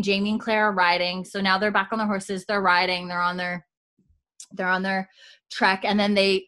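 A woman's voice: medium pitch, fairly bright tone. A woman co-hosting a podcast, casually retelling scenes and quoting the characters' lines. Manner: retells scenes with quoted lines, chatty and giggly. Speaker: podcast co-host. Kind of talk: casual recap chat.

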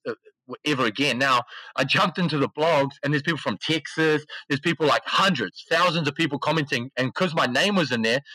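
Animated New man telling a story. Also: medium pitch, dry recording, low-quality recording. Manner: animated, slangy, acts out quotes. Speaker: podcast guest, esports CEO. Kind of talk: casual storytelling.

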